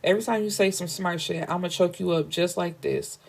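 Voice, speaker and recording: A woman's voice: lowish voice, fairly even intonation, brisk, gravelly, darkish tone, slight background noise. A woman voicing a cold young man who speaks in curt threats. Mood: threatening.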